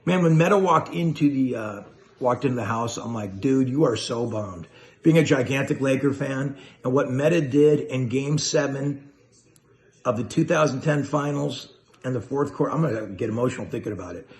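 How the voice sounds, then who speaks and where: A man's voice: mid-range voice, normal speed. A man hosting a casual chat video, laid-back and enthusiastic, full of slang.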